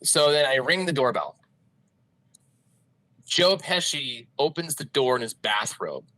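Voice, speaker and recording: A man telling a casual story as a podcast guest, animated, with many halting restarts. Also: medium pitch, no echo, rough recording. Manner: animated, acts out voices in quotes, halting restarts.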